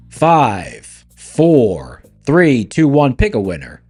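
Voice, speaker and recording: Male live-stream host, deepened voice-changer sound, playful banter with chat, animated pitch. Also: extremely slow, few pauses, breathy edge, soft background music. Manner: playful, talks straight to chat. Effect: voice changer lowering his voice. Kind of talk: casual live-stream commentary.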